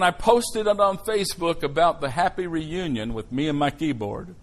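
Animated preacher man, fairly high voice. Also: normal speed, hardly any pauses, some chatter behind, poor audio. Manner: animated storytelling, swinging from hushed to shouting. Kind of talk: sermon with personal story.

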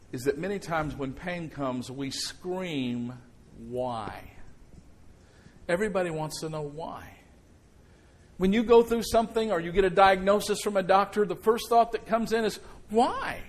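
A middle-aged male pastor preaching a conversational sermon, swinging between quiet reflection and sudden loud outbursts. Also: sits high.

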